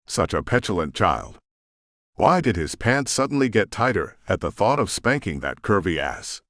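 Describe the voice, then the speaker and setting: Deep-voiced man narrating an audiobook. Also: very animated, normal speed, fairly bright tone, no room sound, clean studio sound. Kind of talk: scripted romance narration.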